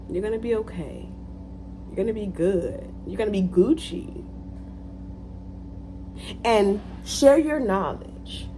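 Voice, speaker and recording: Woman vlogger, animated motivational talk, repeats lines for emphasis, faint hum behind. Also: medium pitch. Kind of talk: casual motivational talk to camera.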